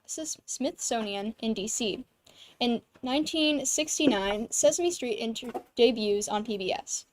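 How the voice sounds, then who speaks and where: High-voiced girl reading school news. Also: a little mellow. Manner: reads from script, stumbles over names. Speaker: student news anchor. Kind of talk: reading news and history facts.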